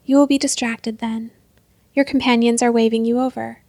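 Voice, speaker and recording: A woman reading a story aloud in a soft, unhurried voice that often drops to a half-whisper. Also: on the high side, little pitch movement, no echo. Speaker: narrator. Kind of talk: scripted story narration.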